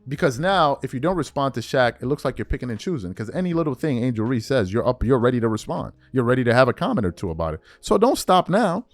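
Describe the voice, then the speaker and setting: A man's voice: medium pitch, animated, fast, few pauses, no room sound, faint music behind. A man hosting a sports commentary channel, delivering an emphatic, repetitive opinion rant straight at his viewers.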